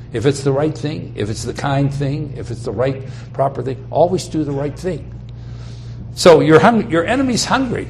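A man's voice: medium pitch, a little mellow, slight background noise. A man preaching a sermon. He speaks emphatically and repeats key phrases for weight.

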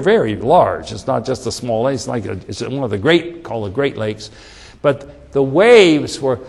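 A man preaching a sermon in an animated way, with restarts and repetition. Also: mid-range voice, vocal fry.

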